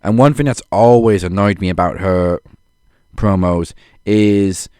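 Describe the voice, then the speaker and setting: A man co-hosts a podcast, casually chatting and handing out points to wrestlers with dry sarcasm. His voice is low-pitched and a little mellow, he talks fairly quickly, and there's no room sound.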